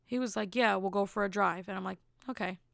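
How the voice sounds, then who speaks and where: A woman hosts her own podcast, telling stories in a casual solo monologue with plenty of vocal fry. She speaks bluntly and candidly, with incredulous asides. The sound is dry and close. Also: mid-range voice, fast talker, dry recording. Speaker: podcast host.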